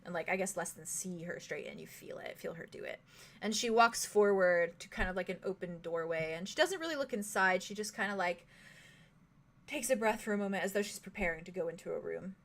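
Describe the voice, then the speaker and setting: A young woman narrating as game master in a tabletop game, halting, with many fillers and giggles. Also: on the low side, fairly bright tone.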